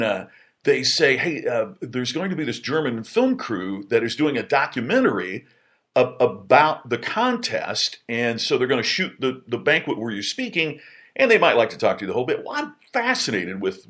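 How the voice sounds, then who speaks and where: A middle-aged man telling a personal story in a casual podcast monologue, with many restarts and sudden excited jumps in pitch. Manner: animated, lots of restarts, jumps high in pitch when excited.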